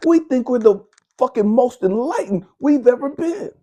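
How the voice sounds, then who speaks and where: A man's voice: very high voice, expressive, moderate pace, warm tone. A man, a spiritual coach, delivering a fierce, profane motivational monologue in a preaching, scolding manner.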